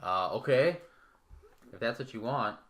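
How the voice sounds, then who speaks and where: A man running a tabletop game as dungeon master, casual and blunt, swearing freely and narrating misses with deadpan sound effects. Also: mid-range voice, unhurried.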